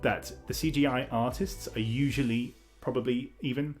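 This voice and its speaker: A man's voice: mid-range voice, steady tone, moderate pace, a little mellow, faint music behind. A man co-hosting a casual film podcast, laying out articulate, longer arguments. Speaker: podcast co-host. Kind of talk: casual film review chat.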